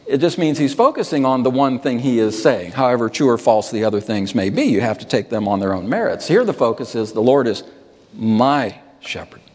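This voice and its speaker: A man delivers a musing, personal sermon with a mid-range voice. He slows down to savor scripture and lifts his pitch on the words he stresses. The sound rings with a long hall reverb. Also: big pitch swings. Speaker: preacher. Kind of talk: reflective sermon.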